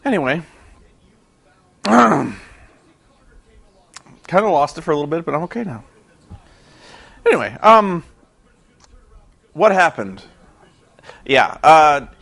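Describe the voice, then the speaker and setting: A man's voice: high-pitched, very animated, slow pace, gravelly, pauses often, a bit bright. A young man vlogging about a wrestling show, exasperated and sarcastic, rambling with restarts. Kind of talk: casual ranting commentary.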